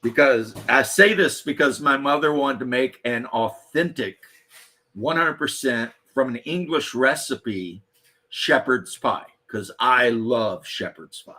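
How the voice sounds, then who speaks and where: Husky man chatting bluntly. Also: medium pitch, takes it slowly, sharp tone. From Eastern Kentucky, USA. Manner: rambling, profane, blunt. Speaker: podcast host. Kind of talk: casual chat.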